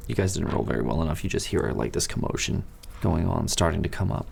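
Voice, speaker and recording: A man narrating as dungeon master in a tabletop game, dropping to a hush for secrets. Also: very deep voice, lively intonation, quick pace, creaky, background noise.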